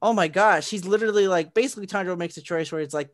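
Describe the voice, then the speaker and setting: A man's voice: sits high, rapid-fire, hardly any pauses. A man in casual chat, recapping a film with lots of fillers and restarts and acting out quotes as he goes. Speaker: co-host recapping an anime film.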